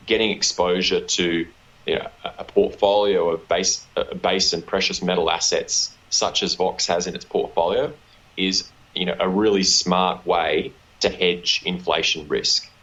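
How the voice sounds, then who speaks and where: Deep-voiced Australian man, halting. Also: a bit bright, muffled recording. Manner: halting, repeats words, many ums. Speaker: company executive guest. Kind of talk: business interview.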